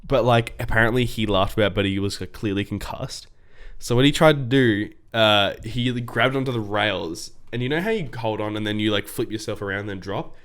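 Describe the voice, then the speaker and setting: A man, co-hosting a casual podcast and telling rambling, animated stories. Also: lowish voice, fairly quick, clear, resonant tone. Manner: rambling storyteller, animated when annoyed. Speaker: podcast co-host. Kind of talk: casual chat.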